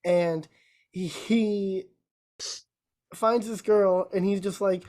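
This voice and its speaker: A woman's voice: mid-range voice, steady tone, slow pace, mellow. A woman co-hosting a podcast, casually retelling a movie plot with lots of filler words. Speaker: podcast co-host. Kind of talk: casual chat.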